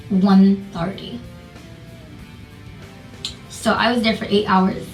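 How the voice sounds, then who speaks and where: A woman's voice: mid-range voice, fairly bright tone. Foul-mouthed young woman with a sore mouth. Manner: profane, emphatic, rambling. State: sore mouth after dental surgery. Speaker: vlogger. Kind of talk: storytime vlog. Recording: roomy, distant from mic, faint music.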